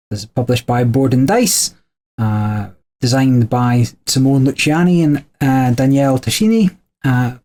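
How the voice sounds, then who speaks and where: A man's voice: medium pitch, a little mellow. A man co-hosting a podcast, explaining board game rules in a chatty way with frequent small laughs. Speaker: podcast co-host.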